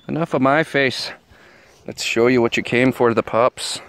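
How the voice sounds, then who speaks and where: A man vlogging outdoors on a ranch into a handheld camera, tired and sweaty, cooing excitedly at puppies. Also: moderate pace, clean tone. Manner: excited, coos at puppies in a high voice. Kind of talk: casual vlog.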